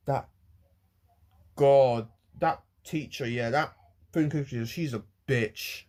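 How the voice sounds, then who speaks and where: A man ranting on a personal vlog to camera, rambling and halting with many restarts and repeated words, emotional and close to tears. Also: mid-range voice. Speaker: vlogger.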